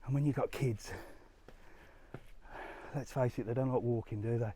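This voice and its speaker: A man's voice: medium pitch, steady tone, normal speed, noisy background. Chatty man vlogging on a walk. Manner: chatty, talks to viewers while walking. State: out of breath from climbing stairs. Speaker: travel vlogger. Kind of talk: live walking vlog. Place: outdoors on a hillside walk.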